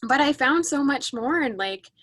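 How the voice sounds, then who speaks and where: A woman's voice: high voice, animated, moderate pace, fairly bright tone, dry recording. A woman guest in a casual chat, speaking earnestly with frequent restarts and rambling asides. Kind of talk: casual chat on a video call.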